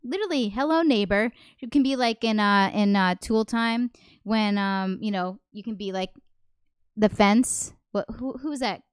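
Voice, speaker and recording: A woman hosts a livestreamed variety show, rambling, making fun of herself, greeting viewers by name and laughing often in a nervous way. Her clear, resonant voice is medium in pitch at a normal speed, with clean studio sound and no echo.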